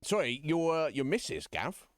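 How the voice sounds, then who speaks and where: A man's voice: lowish voice, expressive, normal speed, no room sound, clean studio sound, soft background music. A man live-streaming from home, chatting casually with viewers in a frank, rambling way, often breaking into chuckles. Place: home room.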